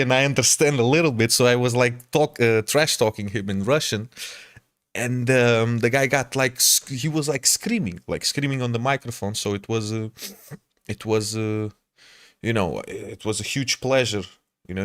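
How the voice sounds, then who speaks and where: A man streaming games, telling a rambling, profane story in a casual, animated way. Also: medium pitch, moderate pace, no room sound, clean studio sound. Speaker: game streamer.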